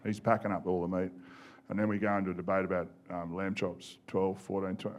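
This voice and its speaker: A man's voice: sits low, little pitch movement, quick pace, slight background noise. A man in his forties with an Australian accent, a former rugby player telling self-mocking stories on a podcast and laughing as he goes. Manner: laughing, self-mocking anecdotes, swears freely. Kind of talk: casual storytelling on a podcast.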